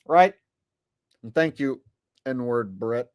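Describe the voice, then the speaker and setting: A man hosting his own livestream, chatting in a rambling, blunt way with plenty of swearing. He talks slowly and drawls, and his voice sounds dry and close. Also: medium pitch, lively intonation, a little mellow, clear, resonant tone, no room sound. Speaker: channel host. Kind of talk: casual livestream talk.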